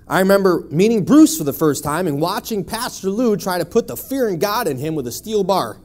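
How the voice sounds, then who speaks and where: A man's voice: high-pitched, sing-song, fairly quick, darkish tone. A man in his thirties from Buffalo, New York, giving a personal testimony in church with a wry, conversational storytelling manner. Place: church sanctuary.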